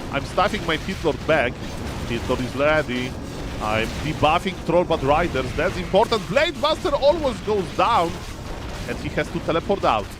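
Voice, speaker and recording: Animated man commentating his own game. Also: on the high side. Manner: animated, often says "ladies and gentlemen", thinks aloud with fillers. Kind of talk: live gameplay commentary.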